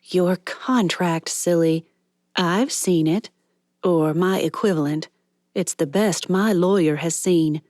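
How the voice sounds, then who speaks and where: A woman narrator voicing a disdainful glamorous actress who talks in a slow, utterly bored drawl. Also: lowish voice, a little mellow, no echo, studio quality.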